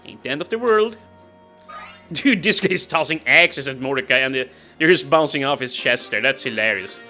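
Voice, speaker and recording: A man's voice: mid-range voice, expressive, moderate pace, sharp tone, faint music behind. A man hosting a game playthrough, chatting casually and talking to himself as he plays. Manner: casual, exasperated, talks to himself. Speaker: gaming video host. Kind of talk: let's play commentary.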